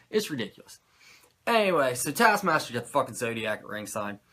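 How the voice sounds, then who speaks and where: A man hosting a podcast, recapping a show in animated, profane, sarcastic casual chat. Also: medium pitch, fairly quick. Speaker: podcast host recapping wrestling.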